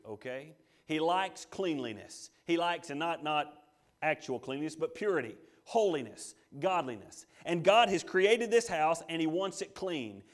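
A male pastor delivers a sermon in a slightly high voice. He preaches emphatically, rising to loud declarations and dropping to hushed asides. He reads scripture aloud and speaks God's lines in quotes.

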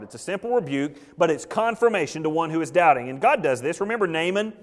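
A man's voice: on the high side, lively intonation, fast, few pauses. A male pastor preaching an expository sermon, talking conversationally, questioning his congregation and acting out what biblical figures might have thought. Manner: acts out biblical figures' thoughts in quoted voices.

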